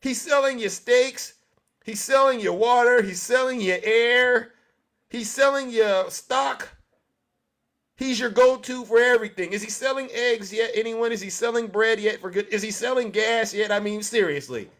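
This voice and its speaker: Sex: man. Pitch: high. Role: show host delivering a mocking monologue. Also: moderate pace, fairly bright tone. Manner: mocking, rhetorical questions to the audience.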